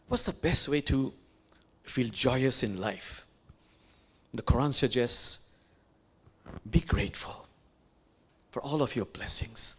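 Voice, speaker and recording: A man, an imam, giving a reflective sermon, slow and unhurried with pauses and soft, whispered asides. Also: mid-range voice, breathy edge.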